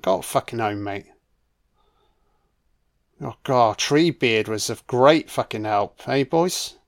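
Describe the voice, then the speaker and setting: A man talks through a film in a slow, unhurried way, reacting excitedly and swearing freely. His voice is clear and smooth, and he sits at a middle pitch for a man. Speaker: film commentator. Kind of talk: casual film commentary.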